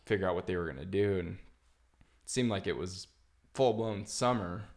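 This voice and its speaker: A man hosting a podcast in a relaxed, rambling casual chat, full of fillers. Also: deep voice, moderate pace. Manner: laid-back, rambling with many fillers. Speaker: podcast host.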